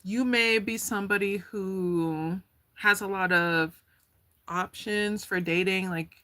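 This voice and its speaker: A woman's voice: mid-range voice, steady tone, slow, sharp tone. A woman giving a casual tarot card reading, chatty and slangy, going off on tangents. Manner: chatty, slangy, laughs easily and goes off on tangents.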